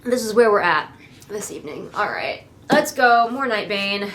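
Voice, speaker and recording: A woman with a nasal voice reviews a book from a chair at home. Her tone is sarcastic and snarky, and her pitch sits in an ordinary middle range. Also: big pitch swings, normal speed, a bit bright, a little hiss or hum. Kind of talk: casual critique vlog.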